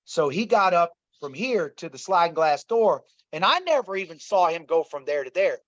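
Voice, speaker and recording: Middle-aged man, interview guest, earnest and repetitive storyteller; fairly high voice, muffled dry recording. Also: very animated, normal speed, dry recording. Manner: earnest, repeats himself, addresses listeners as y'all. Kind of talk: emotional personal storytelling. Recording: dull, slightly lo-fi dry sound.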